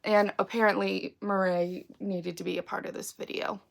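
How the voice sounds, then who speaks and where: A woman's voice: medium pitch, flat delivery, normal speed, vocal fry. A woman chatting casually about her book haul, sick with a froggy voice and full of ums and likes. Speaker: book vlogger.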